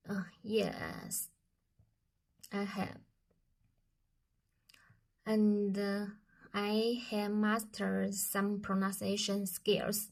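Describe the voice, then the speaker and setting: Slow, careful Chinese-accented woman student. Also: medium pitch, creaky. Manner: slow and careful, with hesitations and restarts. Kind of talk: answering course review questions aloud.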